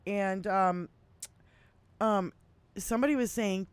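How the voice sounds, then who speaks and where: A woman's voice: medium pitch, unhurried, long pauses, smooth, no echo. A woman in her fifties co-hosting a casual political podcast chat, swearing freely, talking with animation and laughing often. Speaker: podcast co-host.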